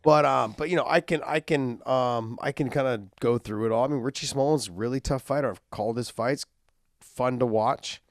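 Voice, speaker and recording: A man's voice: mid-range voice, moderate pace, no room sound, clean studio sound. A man co-hosting a podcast who also calls fights, chatting casually in a rambling way with restarts and "I mean" fillers. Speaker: podcast co-host and fight commentator. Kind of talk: casual MMA chat.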